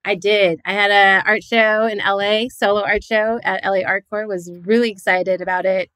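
A woman's voice: medium pitch, fairly even intonation, normal speed, a bit bright, no room sound. Easygoing woman guest, dry close sound. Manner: easygoing, laughs between thoughts. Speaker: podcast guest, artist. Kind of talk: casual podcast chat.

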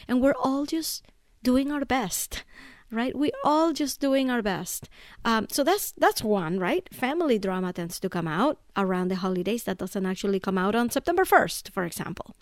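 A woman's voice: on the high side, lively intonation, normal speed, dry recording, clean studio sound. A woman in her thirties hosting a podcast, talking casually on her own and telling a story, often checking in with "right?". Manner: chatty storyteller, keeps asking "right?". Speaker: podcast host. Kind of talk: casual solo monologue.

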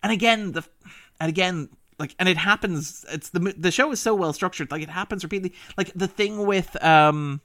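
An eager man riffs on a television drama in a loose podcast conversation. His voice sits a bit high and sounds bright and forceful. He laughs as he goes and slips into quick impressions of characters. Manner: fast, enthusiastic, laughs often. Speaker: podcast critic. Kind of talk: casual podcast discussion.

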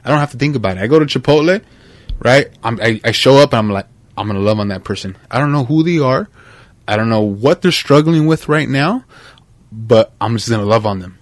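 A man hosting a podcast, talking in a casual, heartfelt and animated way, dropping "man" and "bro" constantly. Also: mid-range voice, brisk, no room sound. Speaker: podcast host.

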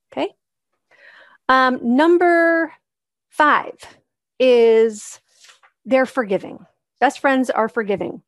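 A woman's voice: a little high, dry recording, studio quality. A woman hosting a solo podcast, coaching moms in a casual, encouraging way and acting out the voices she quotes.

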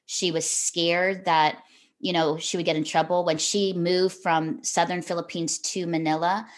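Low-voiced woman telling her story. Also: little pitch movement, unhurried. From Canada. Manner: earnest, heartfelt, frequent "you know" and restarts. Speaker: guest, television host. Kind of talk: emotional personal storytelling.

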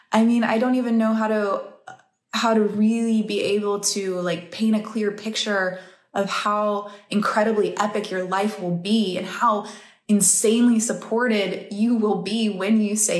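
Woman, breathwork teacher, motivational monologue, heartfelt, casual, roomy echo. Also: mid-range voice. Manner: earnest, heartfelt, laughs easily.

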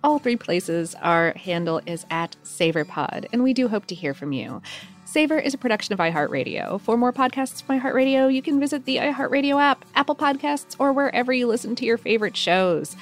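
A woman's voice: on the high side, lively intonation, a little fast, faint music behind. Chatty woman podcast co-host. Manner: chatty, many fillers like "like" and "um". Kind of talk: casual chat and reading listener mail.

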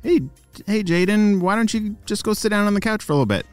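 Man voicing a calm, reassuring team leader. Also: high voice, fast talker, clear, resonant tone, dry recording, soft background music, voice pushed up, lightly acted. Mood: concerned. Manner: steady and encouraging.

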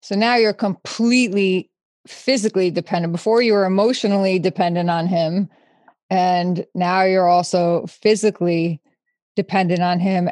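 A woman's voice: mid-range voice, a little mellow, no echo. A woman hosting an interview, who sums up what her guest said and asks probing, empathetic follow-up questions. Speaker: host. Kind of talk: interview conversation.

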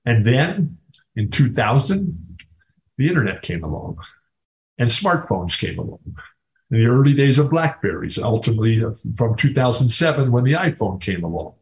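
A man's voice: medium pitch, very animated, moderate pace, a little mellow, low-quality recording. An older man, a former college basketball player, talking as a guest in a casual interview, telling enthusiastic stories with many restarts.

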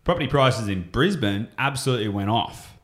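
A man's voice: medium pitch, lively intonation, brisk, a bit bright. An Australian man explaining property investing on a podcast, enthusiastic and rambling, often going off on tangents.

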